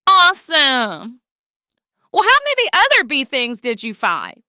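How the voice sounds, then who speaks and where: A woman's voice: high voice, huge pitch swings, unhurried, sharp tone, dry recording, clean studio sound. A woman hosting a children's lesson, coaxing young viewers to join in with a sing-song delivery. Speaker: children's show host.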